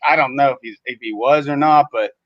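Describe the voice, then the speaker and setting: A man's voice: medium pitch, a little fast, a bit bright, no room sound. A man, a podcast co-host, telling a story in casual chat and acting out other people's lines in shifting voices. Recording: dull lo-fi sound.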